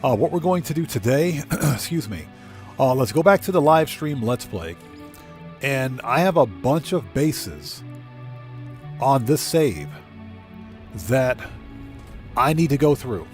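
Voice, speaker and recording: A man's voice: medium pitch, very animated, slow pace, pauses often, faint music behind. A man hosting a casual gaming livestream, talking loosely and greeting chat viewers by name, at times choked up. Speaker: livestream host.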